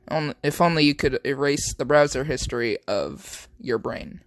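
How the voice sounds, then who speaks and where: Man playing a stern young male operative, curt, deadpan, slow, dry sound. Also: mid-range voice, no room sound, pitched below the performer's own voice, lightly acted.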